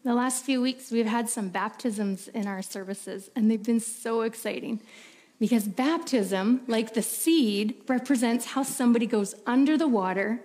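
A woman preacher delivering a sermon with earnest, drawn-out emphasis. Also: fairly high pitch, darkish tone.

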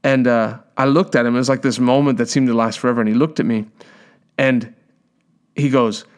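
Guy preaching, animated storytelling, reads bible passages, mid-pitched voice. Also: fairly quick, smooth. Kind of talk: sermon with storytelling and scripture reading.

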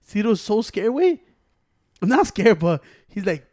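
A man's voice: sits high, moderate pace. A man co-hosting a podcast, telling stories in casual banter, swearing freely and mixing in Spanish slang. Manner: animated storytelling with acted-out quotes. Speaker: podcast co-host.

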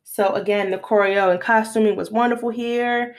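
A woman hosts a casual podcast episode recapping a film. She tells the story with lively energy, slips into the characters' lines and laughs often along the way. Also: mid-range voice, normal speed. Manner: animated retelling with acted-out quotes; laughs often while talking. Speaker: podcast host.

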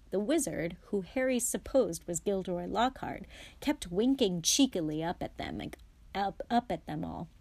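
A woman reads a chapter of a children's novel aloud in a steady, measured storybook voice. Her pitch sits on the low side with a gravelly grain. The sound is dry and close. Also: dry recording. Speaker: guest reader.

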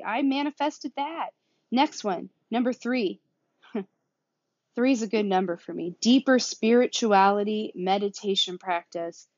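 A woman's voice: fairly high pitch, a little mellow, no echo, lo-fi sound. A woman with a Southern accent hosting her own podcast, talking in a casual, rambling way with frequent laughs and the odd curse word. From Kansas City area, USA. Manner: chatty and rambling, laughing often, cursing. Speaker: podcast host. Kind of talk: casual solo podcast talk.

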